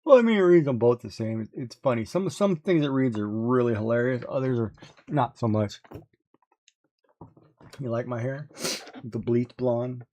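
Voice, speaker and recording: A man's voice: medium pitch, normal speed, long pauses, dark tone. A man streaming, chatting casually with his live audience, rambling along and chuckling often.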